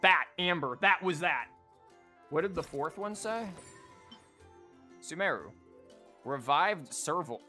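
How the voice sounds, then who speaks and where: A man's voice: on the high side, animated, slow, pauses often, sharp tone, soft background music. A male streamer chatting casually on a livestream, rambling and stammering as he plays a card game and talks to chat.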